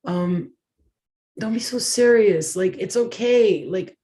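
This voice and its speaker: With a mellow, mid-range voice and a slow pace, this tarot reader delivers a channeled reading. Her manner is effusive, emotional and dramatic, with a swear word now and then.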